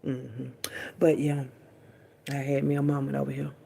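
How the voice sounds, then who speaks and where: A woman's voice: extremely low pitch, monotone, moderate pace, gravelly, dark tone, breathy edge. A woman vlogger talking candidly and bluntly to her viewers, chatty and profane, often repeating herself. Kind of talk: candid casual storytelling to viewers.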